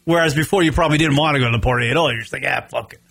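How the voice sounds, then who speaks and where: A man co-hosting a show in casual chat, ranting and swearing with loud bursts. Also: fairly high pitch, racing. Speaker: podcast co-host.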